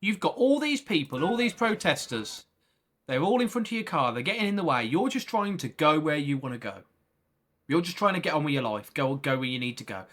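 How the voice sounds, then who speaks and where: A man commenting on clips during a livestream, ranting in an animated, profane way with lots of rhetorical questions. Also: on the high side.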